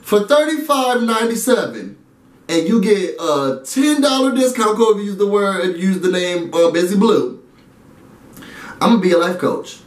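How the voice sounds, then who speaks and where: A man hosting a casual TV recap vlog, talking straight to his viewers in an animated, chatty way full of asides. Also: sits high, normal speed, reverberant, far from the mic. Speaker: reality TV recap YouTuber.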